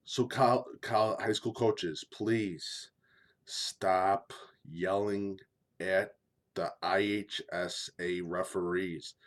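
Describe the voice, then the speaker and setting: A man who is a former high school line coach, talking bluntly and repetitively, pleading and swearing casually in an opinion monologue. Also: steady tone, drawn-out words.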